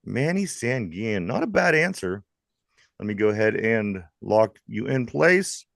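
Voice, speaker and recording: A man with a Pittsburgh accent hosting a live sports talk show, lively and jokey, reading trivia questions to his co-hosts. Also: lowish voice, unhurried, creaky, no room sound. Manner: lively, jokey, laughs often. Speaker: host.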